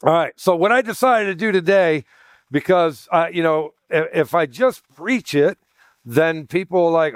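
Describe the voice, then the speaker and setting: A man preaching to a congregation in a loose, chatty teaching style, breaking off for jokes and quick show-of-hands questions. His voice sits slightly high for a man. It sounds close and dry, with almost no room sound. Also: dry recording. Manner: chatty, jokey asides, asks the room questions. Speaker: pastor. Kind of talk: teaching sermon with congregation banter.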